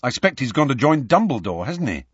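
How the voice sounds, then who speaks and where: A man's voice: mid-range voice, very animated, fast talker, slightly rough, no room sound, muffled recording. A man voicing an anxious teenage wizard boy with a plain, slightly worried way of talking.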